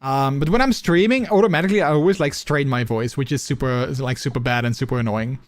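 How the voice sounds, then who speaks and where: A man's voice: mid-range voice, fast, no room sound. A man livestreaming and chatting casually with his viewers, rambling with many fillers and restarts on a close microphone. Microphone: close desk microphone.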